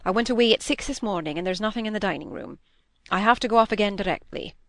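A woman reading aloud and voicing a weary middle-aged male country doctor who talks briskly and with gruff affection. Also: medium pitch, a bit bright, no room sound, studio quality, close to an everyday voice.

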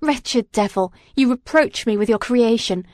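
A woman's voice: mid-range voice, normal speed, darkish tone, dry recording, clean studio sound, close to an everyday voice. A woman voicing a tormented, raging young scientist. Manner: impassioned, declamatory.

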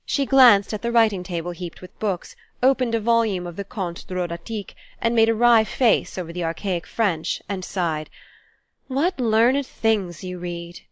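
A woman narrating a classic novel in an even, measured reading. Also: medium pitch, clear, resonant tone, no echo. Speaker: audiobook narrator.

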